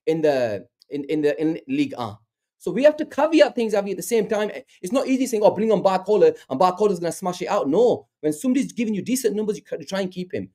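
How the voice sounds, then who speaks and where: A man arguing heatedly about football on a fan podcast, repeating himself and pushing to finish his point. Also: sits high. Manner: animated, argumentative, repeats himself, talks over others. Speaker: podcast panelist.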